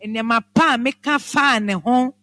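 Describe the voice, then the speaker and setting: A man's voice: very high-pitched, normal speed, bright, forceful tone. A man from Ghana interpreting a sermon phrase by phrase, echoing each line right after the preacher. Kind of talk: interpreting a sermon into Twi, echoing prayer lines.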